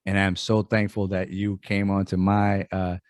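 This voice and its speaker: A man in his fifties hosts an interview with a fairly low voice, recorded close up in a dry, dead room. He is effusive and friendly, and his sentences wander loosely as he heaps praise on his guest. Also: completely flat delivery, normal speed, dry recording. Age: 50s. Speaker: host. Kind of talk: casual interview chat.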